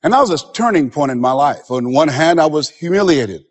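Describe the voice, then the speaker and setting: Male motivational speaker, emphatic preacher cadence with a fairly high, animated pitch, recorded in a reverberant hall. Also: brisk, highs cut off. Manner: emphatic, preacher-like delivery that acts out quoted voices. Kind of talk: motivational seminar speech.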